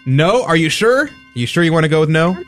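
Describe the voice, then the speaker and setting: A man's voice: a little high, sing-song, brisk, soft background music. A man hosting a radio show, running a quiz in a joking, upbeat game-show manner. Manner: playful, joking, upbeat encouragement.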